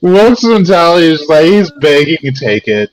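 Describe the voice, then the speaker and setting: A man's voice: on the high side, very animated, normal speed, rough recording. A man casually playing a tabletop game with dry jokes. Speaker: player. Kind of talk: casual play talk.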